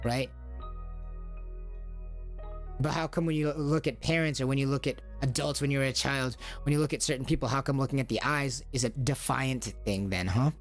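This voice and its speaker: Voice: mid-range voice, normal speed, faint music behind. Stream host musing aloud with rhetorical questions. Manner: rhetorical questions, acts out quoted parents and children. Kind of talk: casual monologue to stream viewers.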